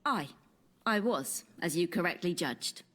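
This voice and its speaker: A woman's voice: on the low side, animated, a little slow, fairly bright tone, faint music behind. An actress playing a witty, guarded Elizabethan woman in a video game, speaking in formal, archaic phrases with a dry, cutting edge. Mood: measured.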